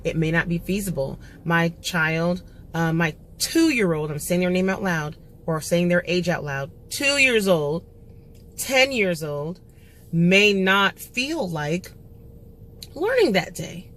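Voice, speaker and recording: A woman's voice: on the low side, fairly bright tone. A woman in her thirties giving an earnest, encouraging casual talk to fellow homeschooling parents, with frequent um fillers.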